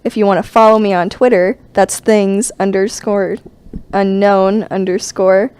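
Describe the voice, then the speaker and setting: A woman's voice: mid-range voice, fairly even intonation, unhurried, darkish tone, smooth, no echo. A woman guesting on a casual radio show, chatting in a giggly, slangy way about her own program. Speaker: guest podcast host. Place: campus radio studio.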